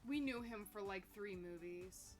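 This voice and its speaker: A woman's voice: medium pitch, a little slow, soft background music. A woman co-hosting a casual livestream podcast, teasing her partner in a dry way. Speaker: podcast co-host.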